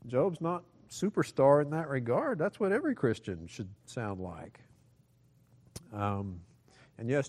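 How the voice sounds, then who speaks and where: Male preacher, mid-pitched, conversational sermon with joking asides, booming scripture readings. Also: a little mellow. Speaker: pastor.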